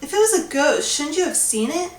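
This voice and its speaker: A woman reading aloud voices an eager young boy who asks excited questions. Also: sits high, a little fast, voice pushed up. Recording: roomy, distant recording.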